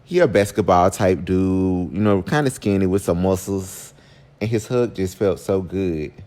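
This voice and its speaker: A man with a fairly low voice tells a personal story in a chatty storytime vlog. He talks straight to his viewers and his pitch jumps up suddenly when he gets worked up. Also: a little slow, darkish tone.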